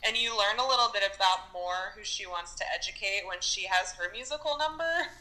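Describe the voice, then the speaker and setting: A woman in casual conversation as a film podcast co-host, with a very bright, sharp and tense voice. She retells scenes in loose, chatty runs full of fillers. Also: medium pitch, brisk, poor audio. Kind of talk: casual chat.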